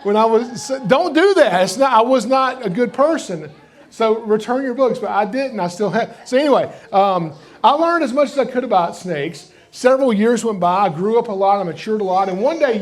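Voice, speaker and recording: A middle-aged Southern man with a high, light voice tells folksy stories to a live crowd at a library reptile show. He jokes easily and keeps the room engaged. His drawl carries through every story. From Georgia, USA. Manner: joking, folksy, animated storyteller. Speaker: reptile rescuer giving a library program. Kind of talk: live storytelling talk to an audience.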